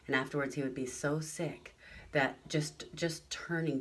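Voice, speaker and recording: A woman's voice: lowish voice, distant mic. A middle-aged woman giving an earnest motivational talk at a retreat, telling personal stories and acting out the voices of others. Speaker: retreat speaker.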